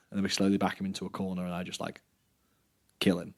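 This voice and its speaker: Lowish-voiced man telling a game story. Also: quick pace. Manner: lively storyteller, soft and low when telling sad scenes, loud when joking. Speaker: podcast host recounting a live-action role-play game. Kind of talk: casual storytelling chat.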